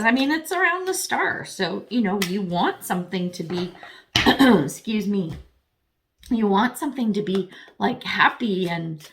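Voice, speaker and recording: A woman's voice: medium pitch, fairly bright tone. Chatty, foul-mouthed woman tarot reader. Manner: chatty and frank, swears freely; addresses viewers directly, self-deprecating asides. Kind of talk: casual tarot reading to camera.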